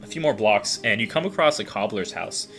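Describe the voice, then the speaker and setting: A man's voice: lowish voice, expressive, a little fast, a bit bright, faint music behind. A young man narrating as game master in a casual, filler-heavy way.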